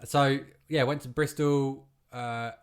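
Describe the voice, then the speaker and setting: A man's voice: mid-range voice, steady tone, slow pace, clean tone. A man from England co-hosting a podcast, chatting casually and acting out people he quotes. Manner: chatty storyteller, acts out quotes. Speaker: podcast co-host. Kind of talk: casual chat.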